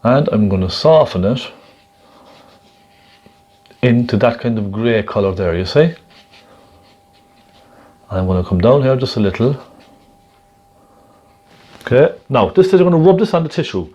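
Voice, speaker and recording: A man gently demonstrating a painting technique step by step, chatting and checking in with the viewer as he works. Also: medium pitch, animated, moderate pace, pauses often. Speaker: painting instructor.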